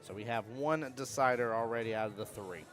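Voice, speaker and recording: A man co-commentating a live pool tournament, excitable as he breaks down scores and standings. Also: mid-range voice, a little fast, soft background music. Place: pool hall.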